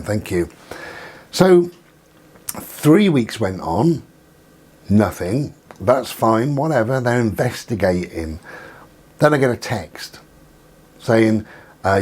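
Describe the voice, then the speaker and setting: A man with a husky voice, telling an exasperated story about phone calls and acting out both sides of the dialogue. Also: lowish voice, darkish tone. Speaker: vlogger. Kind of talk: casual storytelling rant.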